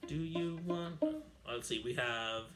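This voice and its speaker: Bright-voiced male music teacher. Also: mid-range voice, takes it slowly. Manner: counts and sings rhythms aloud; chatty with fillers. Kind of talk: online string orchestra lesson. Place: at home. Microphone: camera mic.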